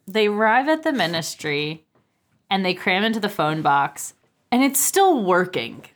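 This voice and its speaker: A woman co-hosting a casual book podcast, animated and joking, with quick asides. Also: mid-range voice. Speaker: podcast co-host. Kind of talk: casual book-club chat.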